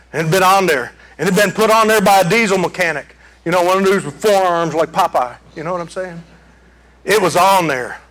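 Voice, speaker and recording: A man preaching a sermon, telling folksy stories and building to loud, emphatic peaks. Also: high-pitched, rough recording. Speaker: pastor.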